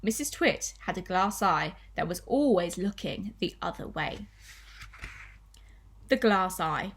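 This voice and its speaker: A woman primary school teacher reading a children's story aloud with expressive storytelling. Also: lowish voice, slow pace, gravelly, slight background noise.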